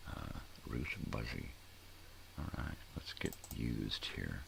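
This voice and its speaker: A man's voice: rumbling low, big pitch swings, slow pace, gravelly, a little hiss or hum. An older man hosting a casual morning show, rambling and thinking aloud, often trailing off into mumbles. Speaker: host.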